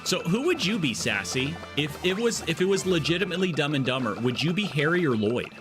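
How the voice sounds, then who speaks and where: A man's voice: a little high, big pitch swings, a little fast, music in the background. Rambling jokey male game streamer. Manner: rambling, jokey, goes off on tangents. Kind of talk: casual live-stream chat while gaming.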